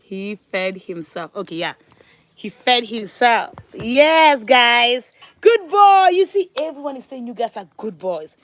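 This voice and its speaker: A woman filming a family vlog at home, talking to her young sons and her followers in a lively, encouraging way. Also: medium pitch, moderate pace, dry recording. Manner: animated, coaxing and praising her young sons. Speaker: vlogger and mother. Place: home, at a breakfast table.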